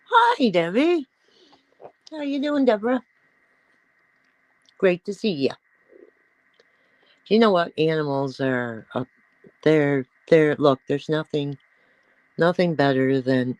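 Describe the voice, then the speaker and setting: Slow-talking woman livestream host. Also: dry recording, low-quality recording. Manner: chatty, rambling, coos at her pets in a high voice. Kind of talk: casual livestream chat.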